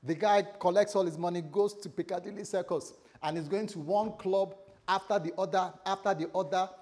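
A man preaching a sermon to a congregation, animated and telling stories with acted-out dialogue. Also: high-pitched, a little fast. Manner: animated, acts out characters in dialogue.

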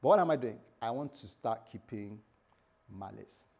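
A man's voice: fairly low pitch, lively intonation, normal speed, vocal fry, darkish tone, husky. A man preaching a sermon as a pastor, in a conversational way, with frequent restarts and acted-out dialogue.

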